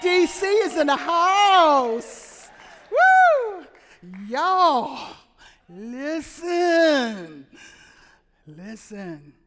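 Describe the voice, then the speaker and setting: A woman storyteller opening a live stage set with a hyped, drawn-out crowd greeting. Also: extremely high pitch, sing-song. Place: large theater stage. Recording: long theater reverb, crowd, faint hiss.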